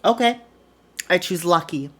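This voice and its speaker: A woman's voice: fairly low pitch, expressive, a little slow. A woman voicing a cocky young male wrestling authority figure in a teasing, airy way. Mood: smug.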